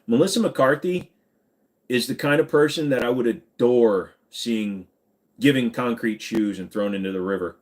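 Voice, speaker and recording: A man's voice: mid-range voice, moderate pace. A man hosting a casual live stream, rambling through crude, jokey banter with his chat.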